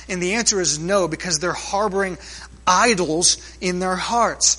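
A man's voice: high-pitched, unhurried, bright, forceful tone. A man preaching a sermon in a church, earnest and emphatic, with rising emphasis as he addresses the congregation. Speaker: pastor.

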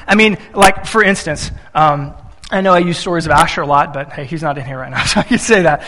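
A man's voice: a little high, animated, fairly quick, fairly bright tone, in a large hall. A man in his thirties preaching a sermon, telling family stories and acting out little voices when he quotes his son and wife. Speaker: pastor.

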